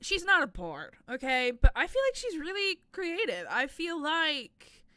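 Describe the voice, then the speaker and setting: A woman's voice: sits high, huge pitch swings, a little slow, bright, forceful tone, no room sound. A young woman in her twenties in casual chat about game characters, chatty, profane and playful, with rambling, self-deprecating asides. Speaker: content creator.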